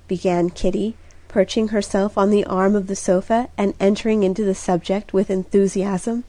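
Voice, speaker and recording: A woman narrating a classic story as an audiobook reader, with a slow, clear and even reading. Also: mid-range voice, dry recording. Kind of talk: scripted narration.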